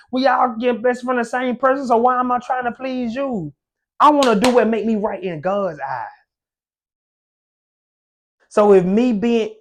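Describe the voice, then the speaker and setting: A young man giving an impassioned devotional talk, fervent and preacher-like, with casual slang. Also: sits high. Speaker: faith content creator.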